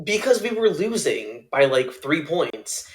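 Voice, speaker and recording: A young man in casual podcast chat, spinning a story from work with lively swings in his voice. He laughs through his lines and slips into quick impressions of the people in his story. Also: on the high side. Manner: animated, laughing, acts out quoted people. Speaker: podcast co-host.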